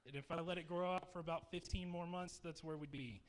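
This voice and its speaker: A man in his thirties from Texas, speaking to campers in a dark meeting hall, telling jokes and stories in a chatty way. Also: on the high side, steady tone, a little fast. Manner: joking, chatty storyteller. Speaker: youth camp speaker. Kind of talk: humorous youth talk to campers.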